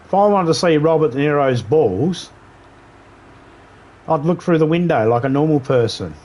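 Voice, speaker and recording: A man's voice: fairly high pitch, lively intonation, moderate pace, a little mellow. A man streaming a video game live, riffing in crude, rambling banter and laughing at his own jokes.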